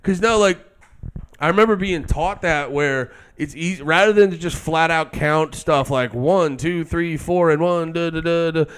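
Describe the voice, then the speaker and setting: A young man co-hosting a podcast in loose, jokey conversation. His voice sits a little high for a man, and he drifts into rambling stories about playing music. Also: moderate pace, clear, resonant tone. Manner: jokey, bursts into high shouted bits. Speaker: podcast co-host. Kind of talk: casual comedic chat.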